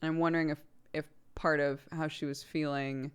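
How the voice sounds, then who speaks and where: A woman's voice: deep voice, flat delivery, a little fast, smooth. A woman streamer and mother chatting casually with her viewers, rambling with many fillers and frequent laughs. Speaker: streamer host; mother of a toddler.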